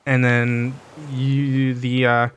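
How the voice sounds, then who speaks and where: A man narrating as game master of a tabletop game, halting often with fillers as he describes the scene. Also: mid-range voice, completely flat delivery, clear, resonant tone. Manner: hesitant, filler-heavy narration.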